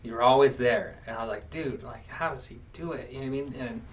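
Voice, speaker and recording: This podcast host, a man in his late twenties, talks fast in a mid-range voice, his mic set at a distance. He chats casually and tells stories with animation, acting out the quotes as he goes.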